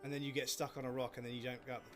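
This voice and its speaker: A man's voice: medium pitch, flat delivery, very fast. Swearing man streaming a game. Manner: chatty, swears often, laughs at his own frustration. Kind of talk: casual livestream gaming chat. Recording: game music playing behind.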